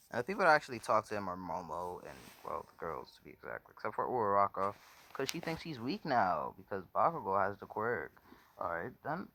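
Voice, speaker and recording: A man's voice: on the low side, fairly bright tone, slight background noise. A man casually telling a made-up story off the cuff, rambling, correcting himself often and swearing. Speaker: fan fiction storyteller.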